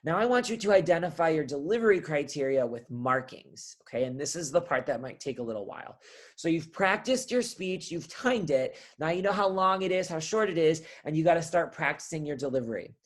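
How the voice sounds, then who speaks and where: A young man, a college speech instructor, talking through a class assignment in a relaxed, chatty way and often checking in with "right?". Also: on the high side, brisk. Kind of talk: recorded course walkthrough.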